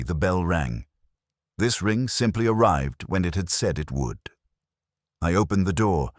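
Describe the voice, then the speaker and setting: Very deep-voiced man narrating. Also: no room sound, clean studio sound. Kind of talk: scripted first-person narration.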